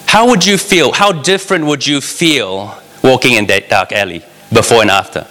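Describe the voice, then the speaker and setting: A man's voice: medium pitch, normal speed, few pauses, sharp tone. A man preaching a sermon in an earnest, conversational way, speaking straight to his listeners. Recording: long reverb of a large hall.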